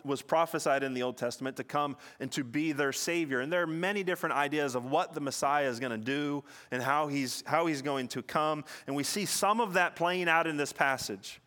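A man preaching a sermon in an earnest teaching manner, often repeating words and slowing down to stress a point. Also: medium pitch, a bit bright. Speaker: pastor.

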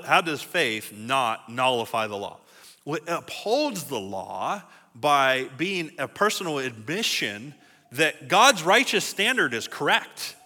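A man's voice: fairly high pitch, bright, forceful tone. A male pastor teaching a sermon in a conversational way, building to emphatic rhetorical questions. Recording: long hall reverb.

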